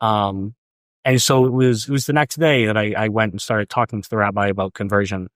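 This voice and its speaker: A young man from New Hampshire, a podcast guest, telling a personal story in a casual, halting way, repeating words and saying um often. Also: fairly low pitch, steady tone, dry recording, studio quality. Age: young adult.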